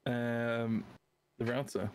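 A man's voice: mid-range voice, level tone, takes it slowly, slight background noise. A man chatting casually and teasing while playing a video game, often laughing. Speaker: streamer. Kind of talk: casual gaming chat.

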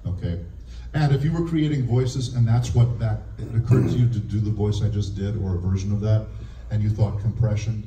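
A man who is a voice actor and speech teacher, giving a lively, demonstrative convention panel talk and laughing often. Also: on the low side, muffled recording, slight background noise. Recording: echoey room heard from a distance.

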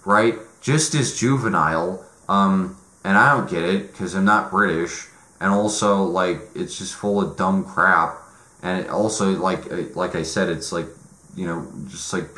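Man, very low voice, halting deadpan rant with lots of "like" and cursing. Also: echoey room. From United States. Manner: rambling, halting, heavy on fillers and swearing. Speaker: comedic ranter.

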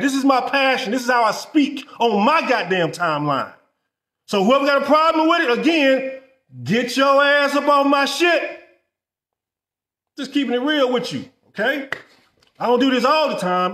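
A man's voice: very high-pitched, fairly bright tone, roomy sound. A man ranting in a vlog as a business coach, swearing and repeating himself in exasperation. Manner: profane, repetitive, exasperated ranting.

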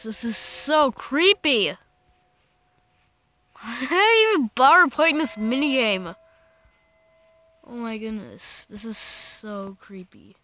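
A woman with a sharp, higher-pitched voice hosts a gaming channel, giving casual gameplay commentary. She's jumpy, easily startled and keeps exclaiming in fright, rambling and restarting her sentences.

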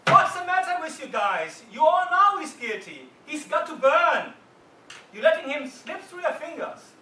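A man reading out and voicing a furious, bullying male juror who shouts down the others. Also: extremely high pitch, very animated, normal speed, voice pushed up, heavily acted. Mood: enraged. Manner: shouting, loud and heated. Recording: roomy hall from far off.

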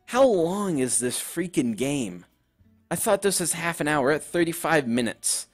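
A man's voice: fairly high pitch, very animated, unhurried, faint music behind. A young man commenting on a game he is playing, joking and offhand. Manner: wisecracking, offhand. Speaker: let's play gamer.

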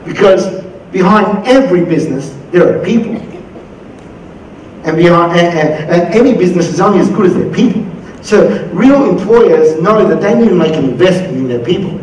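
A middle-aged Australian man giving an energetic motivational conference talk, acting out quoted voices as he goes. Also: sits high, normal speed, slight background noise. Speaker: conference keynote speaker. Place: conference hall. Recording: very echoey hall from far off.

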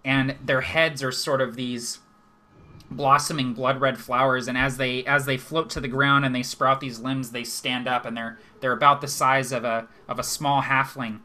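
A man's voice: mid-range voice, level tone, moderate pace, bright, forceful tone. A young man running a tabletop game as game master, narrating scenes descriptively and stumbling over fillers and repeated words.

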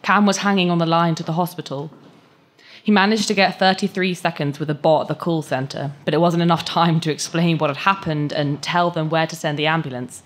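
A woman reading a short story aloud at a live event, with measured, expressive narration. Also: sits low. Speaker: story reader.

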